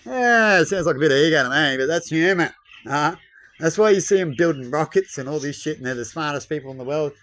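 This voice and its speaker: A man's voice: fairly high pitch, animated, fast, a bit bright. A man rambling bluntly in a casual monologue, lecturing a listener and tossing in tag questions and mild swearing. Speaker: vlogger.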